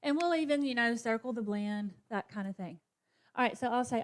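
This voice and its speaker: A woman teacher demonstrates a phonics lesson for other teachers as professional development, sounding out letters and modeling classroom chants. Her voice is on the high side and brisk, with slight background noise.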